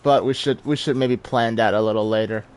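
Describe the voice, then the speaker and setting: A man's voice: medium pitch, fairly even intonation, fairly quick. A man giving casual, self-deprecating live commentary while streaming a game, chuckling often.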